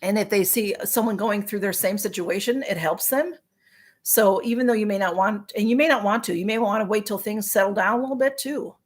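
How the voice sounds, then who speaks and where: This woman's mid-range voice moves briskly as she hosts a casual live stream. Reading out viewer comments, she answers sympathetically, with many ums and restarts.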